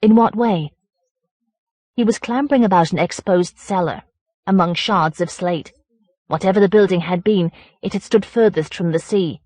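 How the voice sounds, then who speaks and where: A woman reading a first-person horror story aloud as an audiobook narrator, in a measured, deliberate way. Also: fairly low pitch, darkish tone, dry recording.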